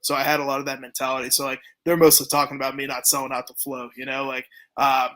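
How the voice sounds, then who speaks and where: A man's voice: medium pitch, level tone, fast talker, a bit bright. A young man from Canada talking casually in an interview, laid-back and blunt, swearing freely. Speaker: jiu-jitsu gym owner and event promoter.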